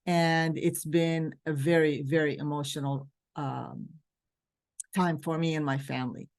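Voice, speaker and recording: Woman, from Palestine, lowish voice, earnest, emotional, urging, spiritual gathering host, video call mic. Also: steady tone, a little slow, a little mellow. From West Bank, Palestine. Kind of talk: heartfelt talk to a virtual group.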